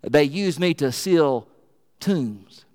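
A man's voice: a little high, animated, very slow, darkish tone. A man voicing a huge, proud old granddaddy rock who tells his story in a folksy, boastful way. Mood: folksy boasting. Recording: reverberant church hall.

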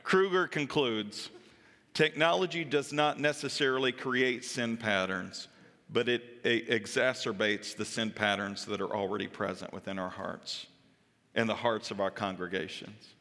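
A man in his thirties preaching a sermon to his congregation, with earnest emphasis that drops into quiet, personal asides. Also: on the low side, steady tone, unhurried. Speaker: pastor. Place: church sanctuary. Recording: long hall reverb. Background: church hall.

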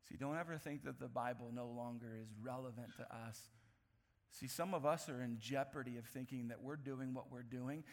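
Animated man preaching in an echoing hall. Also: mid-range voice, normal speed. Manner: animated storytelling, acts out voices, laughs often. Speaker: pastor. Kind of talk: sermon. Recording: echoey hall recording.

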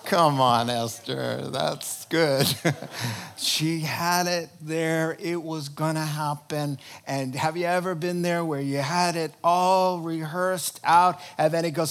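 A man preaching a sermon, retelling a story with lively acted-out character voices and chuckles. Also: a little high, takes it slowly.

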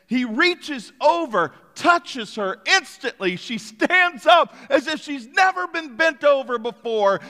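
A male pastor preaching a sermon and acting out the story's characters with lively voices. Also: very high-pitched, slow, hardly any pauses. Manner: animated, acts out voices of characters. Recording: long hall reverb.

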